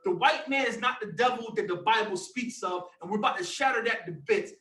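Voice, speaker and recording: A high, bright male voice leads a Bible study with forceful, animated preaching. He is heard from some distance in an echoey room. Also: fairly quick. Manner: animated, emphatic, sometimes shouting. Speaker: Bible teacher.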